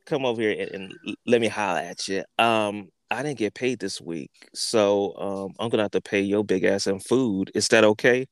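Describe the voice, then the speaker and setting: A man hosting a podcast, telling a story in an animated, profane way, repeating words and acting out what people said. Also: fairly low pitch, normal speed, hardly any pauses, dry recording. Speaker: podcast host. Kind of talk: casual storytelling.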